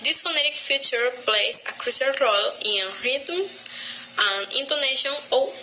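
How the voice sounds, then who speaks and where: A young woman, a student, reading a class presentation aloud carefully and deliberately, pausing between example words. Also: high-pitched. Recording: steady background noise.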